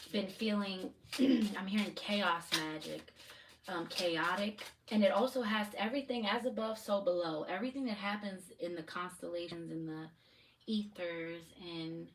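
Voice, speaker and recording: Woman tarot reader, rambling and spiritual, low-ish voice, recorded from a distance at home. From United States, Maryland area. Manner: rambling, spiritual, addresses viewers directly. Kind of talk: live tarot reading chat. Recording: distant mic with faint noise.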